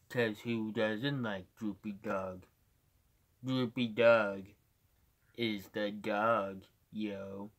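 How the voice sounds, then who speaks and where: A man voicing a slow, mopey cartoon dog in a low, sleepy drawl. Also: steady tone.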